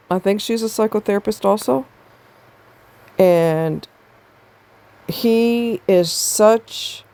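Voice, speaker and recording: A woman's voice: medium pitch, mellow, clear, resonant tone. A woman giving a blunt, exasperated commentary on a video, swearing freely as she rants. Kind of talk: ranting commentary.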